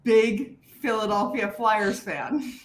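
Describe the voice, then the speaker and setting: Woman, 30, from Canada, high animated voice, roomy room, faint hiss. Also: slow. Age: 30s. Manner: lively, self-mocking. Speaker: guest. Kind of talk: casual live stream chat.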